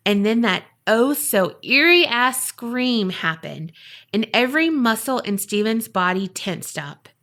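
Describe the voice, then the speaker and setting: A woman's voice: a little high, unhurried. A woman hosting a podcast, casually telling a paranormal story and acting out the voices of the people in it. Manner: lively, acts out quoted voices. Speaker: podcast host.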